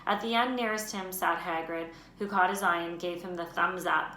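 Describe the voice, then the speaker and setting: Brief: expressive woman teacher reading aloud, bright and slightly low, in a roomy space. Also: moderate pace. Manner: expressive, lifts her voice for names and shouts. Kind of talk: children's book read-aloud. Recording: roomy room echo, faint noise.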